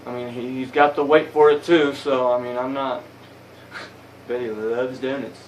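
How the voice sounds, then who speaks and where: A man's voice: mid-range voice, fairly even intonation, measured pace. A young man rambles through a story for his vlog, swearing constantly and getting heated as he talks. He sounds a bit distant from his phone, with a faint hiss behind him. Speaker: vlogger. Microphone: phone camera.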